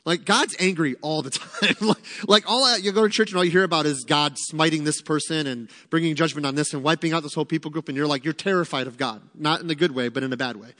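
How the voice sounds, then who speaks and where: A man's voice: a little high, fast talker, few pauses, a bit bright, in a large hall. A middle-aged man preaching a sermon as pastor, conversational and emphatic, repeating key lines to drive them home. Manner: conversational, emphatic teaching with repetition.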